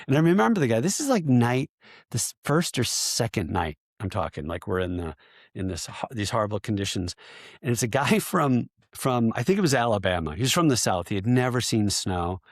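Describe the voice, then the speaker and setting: A man in his fifties, a veteran podcast guest, telling army stories in a casual interview, lively and laughing as he acts out the shouting. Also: mid-range voice, a little fast, dry recording, clean studio sound. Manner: animated storyteller who acts out shouted quotes and often laughs.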